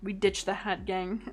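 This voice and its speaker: A woman's voice: mid-range voice, darkish tone. A young woman streaming as a VTuber, chatting casually in a rambling way, laughing often and swearing offhandedly. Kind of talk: casual livestream chat.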